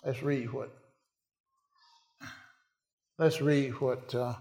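A man's voice: medium pitch, fairly even intonation, drawn-out words, creaky, dark tone. A man preaching a sermon in a call-and-response way, asking the congregation questions and answering them.

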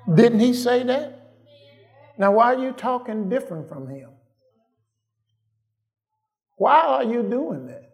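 A male preacher with a fairly high voice delivers his sermon at a slow, deliberate pace. He repeats his phrases for emphasis and keeps asking the congregation whether he is right. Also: darkish tone.

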